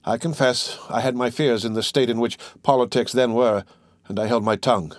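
A guilt-ridden, self-pitying innkeeper from a storybook, played by a male reader, confessing at length. The voice sits at a medium pitch. It is recorded close and dry. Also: fairly even intonation, a little fast, no echo, lightly acted. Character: remorseful, cowardly middle-aged male innkeeper.

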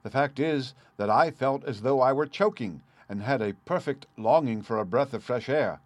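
A man's voice: medium pitch, moderate pace, dry recording, lightly acted. A man voicing a nervous young wife with a faltering, breathless manner, in a dry close recording. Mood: flustered.

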